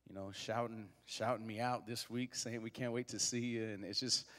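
A man's voice: lowish voice, steady tone, normal speed, a bit bright, long reverb tail. A young man preaching a sermon in a church, joking with the congregation and leading call-and-response. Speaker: guest preacher. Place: church sanctuary.

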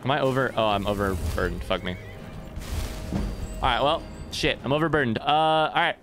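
Over background music, a let's play gamer comments on his game at a normal speed in a mid-range voice. He's animated and casual, swears a lot, and answers back to the characters.

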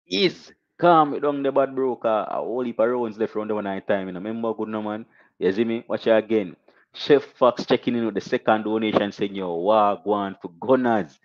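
A young Jamaican man hosting a casual live stream, shouting out viewers and reading donations with animated, repetitive catchphrases. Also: on the low side, fairly quick, no echo, highs cut off.

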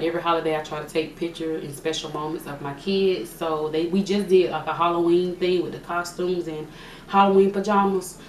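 A young woman casually answering questions for her vlog, chatty and joking, often thinking aloud. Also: fairly low pitch. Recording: echoey room, mic at a distance, faint hiss.

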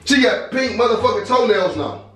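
Vlog husband, loud and cursing, recorded far off in a roomy space. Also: male voice, extremely high pitch, animated, moderate pace. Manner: loud, profane, disbelieving outbursts. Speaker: husband vlogger. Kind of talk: casual prank reaction. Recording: echoey room from a distance, music.

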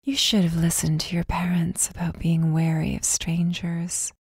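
A woman voicing a menacing young witch who taunts in a breathy whisper. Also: fairly low pitch, flat delivery, normal speed, no echo, studio quality. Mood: whispered menace.

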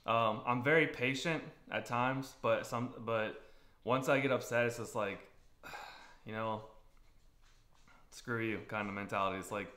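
A young man talks through a loose, unscripted vlog monologue as a youth baseball coach, circling back over his points and clearing his throat now and then. His voice sits at a middle pitch. The room around him rings with a noticeable echo. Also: normal speed, sharp tone. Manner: candid, repeats himself, frequent throat-clearing. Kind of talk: casual rambling monologue. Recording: roomy echoey room sound.

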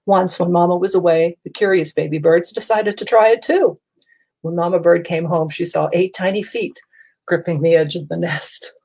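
A woman reading a children's picture book aloud, telling the story in a gentle, expressive way. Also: lowish voice, normal speed, husky, low-quality recording. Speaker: storybook reader.

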